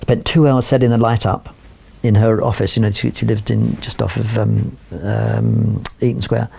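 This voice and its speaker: A man's voice: fairly low pitch, flat delivery, normal speed, gravelly, mellow, breathy edge. A man, a portrait photographer appearing as a guest, telling long rambling anecdotes full of "you know" fillers and restarts. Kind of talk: anecdotal storytelling.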